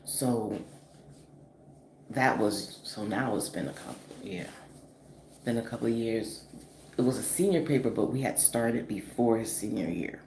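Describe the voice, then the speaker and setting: A woman in her forties from the northeastern US telling a story in a casual, animated, profane vlog style, full of fillers. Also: rumbling low, measured pace, long pauses. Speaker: vlogger. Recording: echoey room with faint noise.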